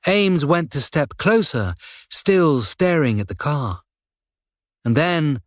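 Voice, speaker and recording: Slow steady guy reading an audiobook, dry close sound. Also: a little high, no echo. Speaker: audiobook narrator. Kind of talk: scripted narration.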